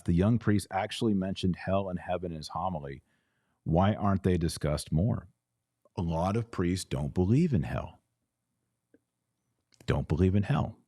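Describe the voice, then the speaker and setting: Male livestream host, deep and dark-toned, emphatic, repeats himself for stress, dry close mic. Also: no room sound. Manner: earnest, emphatic, repeats phrases. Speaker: host reading super chats. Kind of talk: livestream commentary.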